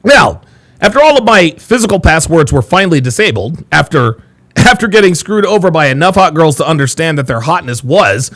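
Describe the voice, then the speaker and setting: Male livestream host, lively gravelly delivery, mocking tone. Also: a little high. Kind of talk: livestream monologue.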